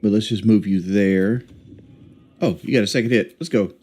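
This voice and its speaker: A man's voice: fairly low pitch, normal speed, darkish tone, slightly rough. A man casually commenting as he streams a game, talking to his party while planning moves.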